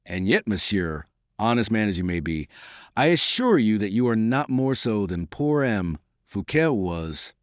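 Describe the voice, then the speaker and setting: A man's voice: fairly low pitch, very animated, a little slow, no echo, clean studio sound. A man voicing a proud, weary middle-aged musketeer who speaks in a dignified, curt way for an audiobook. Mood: stern.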